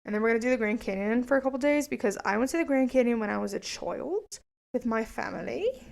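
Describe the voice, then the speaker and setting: A woman's voice: on the high side, racing, gravelly, darkish tone. A young woman in her twenties hosting a casual solo podcast, chatty, rambling and profane. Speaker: podcast host.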